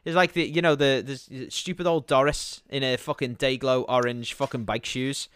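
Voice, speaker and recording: A man's voice: mid-range voice, fairly even intonation, moderate pace, fairly bright tone, smooth. A man co-hosting a podcast, ranting and mocking in casual, heavily profane banter. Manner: ranting, mocking, swears constantly. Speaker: podcast co-host.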